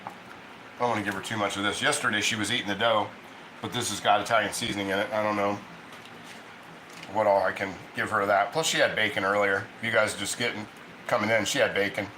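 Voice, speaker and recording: A man's voice: fairly low pitch, fairly even intonation, fairly quick, sharp tone, roomy sound, slight background noise, poor audio. A man from Ohio hosting a casual cooking livestream from his home kitchen, rambling and chatting with viewers as he reads their comments.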